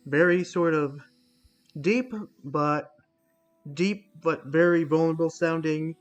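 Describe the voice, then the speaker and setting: A man giving casual commentary while streaming a game, reacting aloud and talking to his chat. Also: on the high side.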